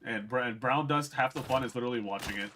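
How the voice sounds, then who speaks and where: A man's voice: mid-range voice, fast talker, noisy background. A man streaming a game, chatting casually and profanely to his viewers. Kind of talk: casual gameplay commentary.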